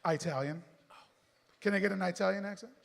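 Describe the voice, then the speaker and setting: A man reading his own story live on stage into a mic, with quick joking asides to the audience. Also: high-pitched, creaky. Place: stage in a performance venue. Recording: long reverb in a performance hall.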